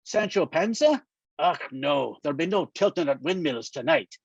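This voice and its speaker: A man reading a novel aloud and voicing a dry, teasing older man with a gruff, droll manner. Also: fairly high pitch, animated, moderate pace, dry recording, full character voice. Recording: dull, muffled dry sound.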